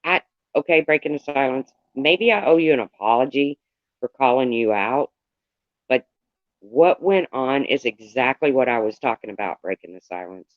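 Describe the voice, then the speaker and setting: A man's voice: medium pitch, lively intonation, moderate pace, no room sound, muffled recording. A man livestreaming in casual chat, rambling candidly and greeting viewers by name.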